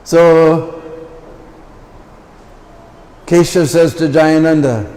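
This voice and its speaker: A man's voice: mid-range voice, fairly even intonation, normal speed, dark tone. A man giving a temple lecture full of anecdotes, with chatty asides to the listeners. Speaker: visiting lecturer. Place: large temple hall. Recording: long temple hall reverb.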